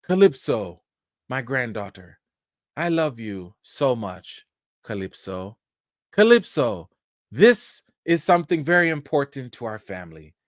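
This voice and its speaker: A man's voice: medium pitch, very animated, unhurried, dry recording, studio quality. A man mimicking an overly sentimental grandmother who speaks in a stiff, repetitive way to her granddaughter. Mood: mock-sentimental. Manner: stilted, repeats the granddaughter's name in every sentence.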